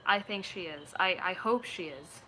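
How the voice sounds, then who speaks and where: A woman's voice: lowish voice, normal speed, pushed and bright, slight background noise. A woman video creator chatting casually with her viewers, talkative and self-deprecating. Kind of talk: casual live chat.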